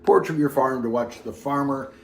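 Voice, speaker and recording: A man's voice: medium pitch, moderate pace, darkish tone, slight background noise. A man co-hosting a show, chatting casually with rambling asides while he mixes a cocktail at home in a farmhouse. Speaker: co-host making a cocktail. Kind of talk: casual chat, cocktail demo.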